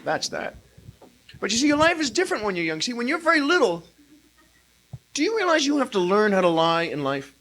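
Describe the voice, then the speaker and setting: A man in his thirties performing a live stand-up routine, with an animated, exaggerated delivery and acted-out quotes. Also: very high voice, brisk, pauses often. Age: 30s. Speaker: stand-up comedian. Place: comedy club stage with audience. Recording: hissy early-1980s live club recording.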